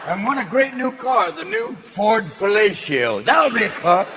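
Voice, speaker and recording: A man's voice: sits high, fairly bright tone, a little hiss or hum. A man in his sixties doing stand-up comedy, manic and swearing. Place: comedy stage with audience. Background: audience laughter.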